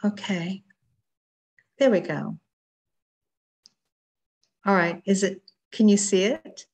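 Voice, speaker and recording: A woman reading her own poems over a video call in a slow, measured way. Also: medium pitch, husky. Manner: slow, measured, softly rising and falling reading. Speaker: poet reading her work.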